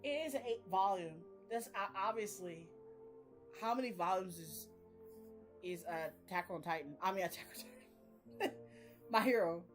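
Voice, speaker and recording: A woman's voice: on the low side, moderate pace, pauses often, faint music behind. A young woman chatting casually about her reading. She rambles, uses slang and laughs often. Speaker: reading vlogger. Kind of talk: casual chat.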